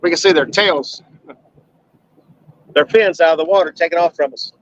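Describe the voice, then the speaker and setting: A man's voice: a little high, normal speed, a little hiss or hum. Easygoing man on a dull lo-fi stream. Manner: relaxed, easygoing, describes what he sees on the water. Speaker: fishing channel host. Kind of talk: casual livestream narration. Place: outdoors on a boat on a bay.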